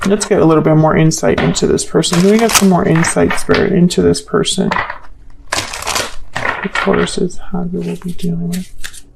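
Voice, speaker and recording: A woman's voice: lowish voice, noisy background. A woman giving a solo tarot love reading, thinking aloud in a hesitant way and asking the cards questions as she goes. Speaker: tarot reader.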